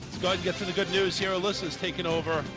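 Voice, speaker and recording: A man's voice: high voice, little pitch movement, racing, over loud music. A man hosting a talk radio show, chatting casually in a laid-back, joking and rambling way.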